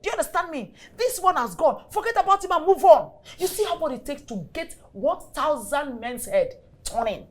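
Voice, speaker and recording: An actress with a Nigerian English accent playing a brash, scheming middle-aged mother who lectures her daughter loudly and bossily. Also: sits high, sing-song, moderate pace, hardly any pauses. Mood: lecturing. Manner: loud, bossy, scolding lecture. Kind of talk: Nollywood film acting.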